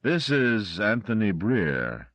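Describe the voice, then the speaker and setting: A man voicing a menacing, polite European stranger who speaks slowly and courteously. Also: on the low side, sing-song, no room sound, voice pushed up, exaggerated voice. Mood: cold polite. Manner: slow, courteous, quietly threatening.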